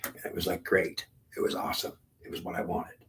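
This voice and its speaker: A man's voice: a little fast, fairly bright tone, slight background noise, rough recording. A man in his fifties telling of his talks with God in a rambling, intense monologue that often drops to a whisper. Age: 50s. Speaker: speaker recounting talks with God. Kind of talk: unscripted spiritual monologue.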